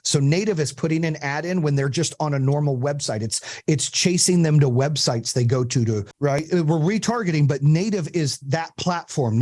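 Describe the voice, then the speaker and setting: A man's voice: mid-range voice, a little mellow, dry recording. A man hosting a podcast, coaching a small group on business in a blunt, profane, storytelling way.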